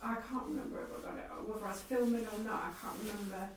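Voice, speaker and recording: A woman's voice: medium pitch, fairly even intonation, fast. A woman chatting casually and coaxingly calling out to spirits while ghost hunting. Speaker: paranormal investigator. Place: abandoned farmhouse indoors. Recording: echoey room from far off, faint hiss.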